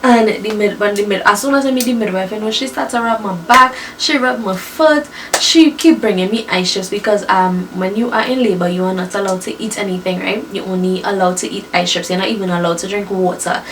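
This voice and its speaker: A young woman telling her birth story to viewers in a lively, chatty way, often calling them y'all and laughing. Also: medium pitch, brisk, far from the mic, a little hiss or hum.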